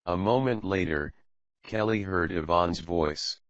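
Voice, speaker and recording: A man narrating an audiobook with a very deep voice, slow and steady. Each line is measured and even. The recording is dry and muffled, with a lo-fi dullness. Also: no room sound. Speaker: audiobook reader. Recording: dull lo-fi audiobook.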